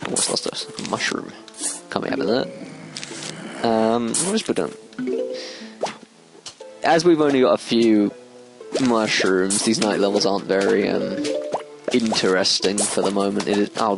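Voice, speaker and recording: A man giving casual let's play commentary, explaining as he plays, with sudden squeaky excited outbursts. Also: measured pace, pauses often, poor audio. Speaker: gameplay commentator. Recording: game music playing behind. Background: game music.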